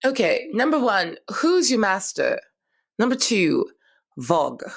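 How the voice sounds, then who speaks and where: A woman playing a brisk, imperious female doctor, haughty and sharp-tongued. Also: mid-range voice, sing-song, vocal fry, voice pushed up, heavily acted.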